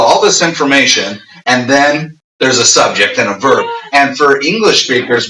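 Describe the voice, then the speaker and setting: Middle-aged man, bright, low-pitched, animated and chatty, recorded off-mic in an echoey room. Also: moderate pace, hardly any pauses, recorded from a distance. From United States. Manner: animated, acts out quoted exchanges. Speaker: English teacher guest. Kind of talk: casual conversational advice.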